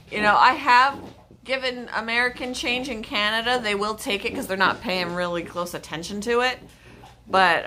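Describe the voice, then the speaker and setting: A woman's voice: medium pitch, sharp tone, slight background noise. A woman from Michigan hosting a casual livestream chat from home, rambling and laughing often. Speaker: livestream host. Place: home, with her dog.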